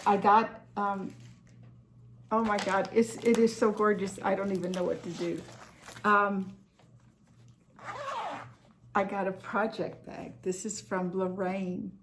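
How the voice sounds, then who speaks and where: A woman's voice: mid-range voice, steady tone, takes it slowly, pauses often, slight background noise. A woman hosting a cross-stitch vlog, chatting in an effusive, heartfelt way about gifts she received. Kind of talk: casual chat showing happy mail.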